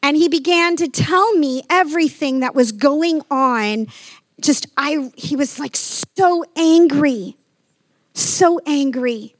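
A woman's voice: high voice, slow, no room sound. A woman pastor preaching a sermon, telling stories in a conversational way and reading scripture with emphasis.

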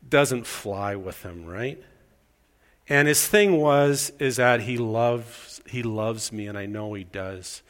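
A middle-aged Canadian man delivers a sermon built around stories, speaking in a conversational, self-deprecating way and acting out the voices of the characters. His voice is mid-range, slow, and slightly bright.

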